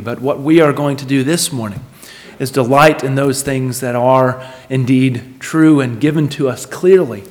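A man preaching a sermon and reading scripture from the pulpit, with expressive, varied emphasis. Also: mid-range voice. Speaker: pastor. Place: church sanctuary. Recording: long reverb of a church hall.

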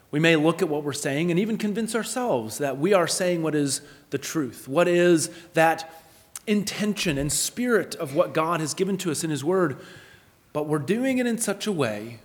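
A man preaching a sermon in an earnest, explanatory way, with lively storytelling asides. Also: fairly high pitch. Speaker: pastor. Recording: long hall reverb.

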